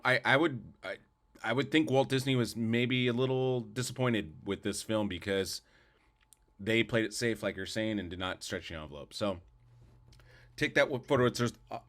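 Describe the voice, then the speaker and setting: A podcast co-host with a voice on the low side and a bit bright chats casually about films. He is opinionated and rambling, often restarting and repeating words.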